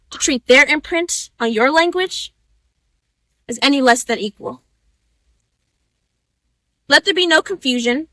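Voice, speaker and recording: A woman's voice: high voice, pushed and bright, dry recording. A young woman performing a spoken-word oratory speech, reciting with rhythmic, emphatic stresses. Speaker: student orator.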